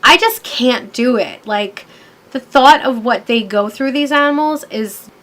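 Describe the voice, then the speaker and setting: Woman in her thirties, slightly high voice, chatty vlogger telling stories into her camera mic. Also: expressive, measured pace, fairly bright tone. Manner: chatty, storytelling, many fillers. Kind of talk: casual rambling vlog.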